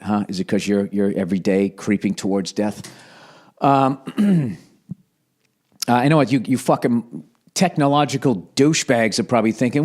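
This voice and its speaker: With a low-sitting, darkish voice, a middle-aged podcast host rants profanely on his solo comedy show, jumping into mocking impressions despite a cough. He records in a somewhat echoey home office on studio headphones and a recorder.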